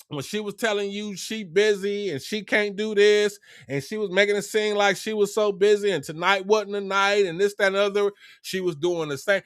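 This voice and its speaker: A man's voice: high voice, fairly bright tone, smooth, dry recording, clean studio sound. A middle-aged man hosting a casual livestream, preaching in street talk and acting out both sides of a conversation. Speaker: livestream host.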